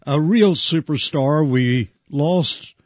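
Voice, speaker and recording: A radio host talks in a folksy, storytelling way, his voice slightly husky and pitched a little high. The studio sound is close and dry, with a somewhat muffled top end. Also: takes it slowly, no echo. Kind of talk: on-air reminiscing.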